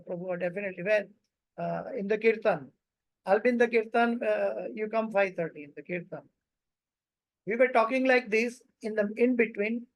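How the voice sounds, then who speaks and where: A man telling a personal story of a meeting, halting often with fillers and non-native English phrasing. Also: high-pitched, dry recording, low-quality recording. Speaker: devotee recounting a memory.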